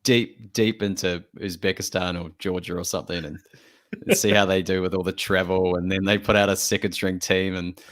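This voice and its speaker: A man with a low voice joins in football podcast banter, with a teasing, jokey edge. He talks casually and at an easy pace. He comes across as one of the regular co-hosts. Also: level tone, moderate pace, fairly bright tone. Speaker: podcast co-host.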